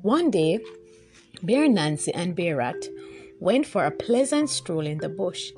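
A woman narrating a folktale in an expressive, lively storytelling manner. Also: lowish voice, measured pace, faint music behind.

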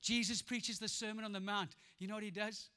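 A man with a South African accent preaching a lively, playful sermon as a pastor, acting out voices and often laughing. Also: sits high, fairly quick, clear, resonant tone. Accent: South African English. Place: church auditorium. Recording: echoey church hall.

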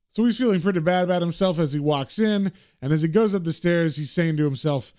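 A man's voice: on the high side, fairly quick, hardly any pauses. Chatty man retelling a comic. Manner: chatty, relaxed storytelling. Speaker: comic book recap host. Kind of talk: casual comic recap narration.

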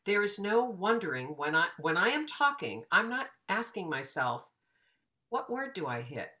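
Woman, fifties, voiceover teacher, bright tone, slightly low pitch, animated storytelling, plays out quoted voices. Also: normal speed. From United States. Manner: animated, acts out quoted dialogue. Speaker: voiceover teacher, interview guest. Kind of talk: casual storytelling interview.

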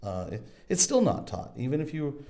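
A man's voice: a little high, very animated, moderate pace, warm tone. A man hosting a casual interview podcast, speaking earnestly and agreeing with his guest. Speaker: podcast host.

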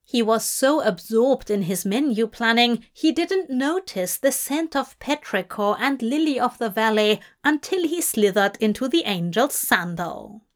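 A woman narrating a story in a measured, even storytelling manner. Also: a little high.

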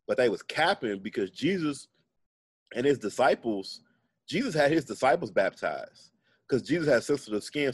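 Man, podcast co-host, slangy comic storyteller, dry close sound, relaxed delivery. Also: fairly low pitch, slightly rough, no room sound. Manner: slangy, laid-back, irreverent. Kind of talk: casual comedic storytelling.

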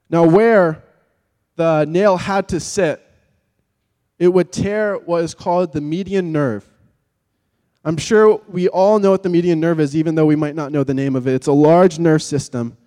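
A man preaching a sermon in vivid, dramatic terms, swinging from loud emphasis to hushed tones. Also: a little high, big-room sound.

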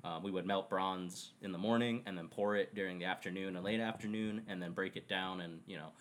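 Man, podcast guest, low-pitched, easygoing and rambling, jokey. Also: fairly even intonation, brisk, a bit bright. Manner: laid-back, joking, rambling with many fillers. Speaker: guest, glassblower. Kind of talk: casual podcast chat.

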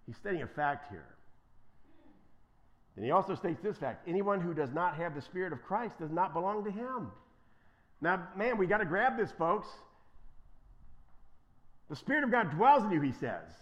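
A man preaching an emphatic sermon as pastor, swinging from quiet asides to loud, impassioned declarations. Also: high voice, sing-song, normal speed, pauses often, highs cut off.

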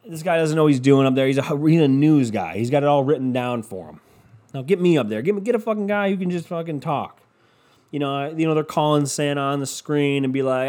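A man's voice: medium pitch, a little mellow. Profane ranting podcast man. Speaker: podcast host. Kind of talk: casual podcast rant.

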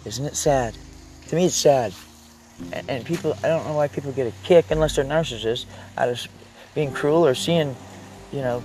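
A man's voice: medium pitch, mellow, low-quality recording. Rambling, raw-voiced man vlogging. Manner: rambling, raw and heartfelt, trailing off mid-thought. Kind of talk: casual vlog monologue. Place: inside a vehicle he lives in.

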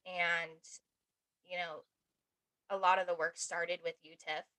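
Woman, thirties, podcast co-host; casual, animated, bright timbre. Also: fairly low pitch, unhurried. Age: 30s. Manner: animated, acts out quoted voices. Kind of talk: casual conversation.

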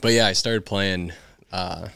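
A man's voice: deep voice, fairly even intonation, measured pace, creaky, pushed and bright, clean tone, no room sound, studio quality. A young man, a podcast guest from Illinois, telling stories in a laid-back, casual way with frequent laughs. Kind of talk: casual chat.

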